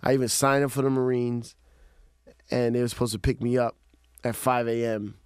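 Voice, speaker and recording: Male host firing quick questions. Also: medium pitch, flat delivery, clean tone, no echo, studio quality. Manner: quick reactive questions, laughs along. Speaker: radio show host. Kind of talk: casual interview chat.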